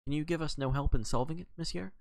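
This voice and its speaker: A man voicing a fussy, excitable little Belgian detective in an audiobook reading, with dramatic exclamations. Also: a little high, fast talker, vocal fry, dry recording, clean studio sound, pitched above the performer's own voice. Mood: grave. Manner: dramatic, sprinkled with French exclamations.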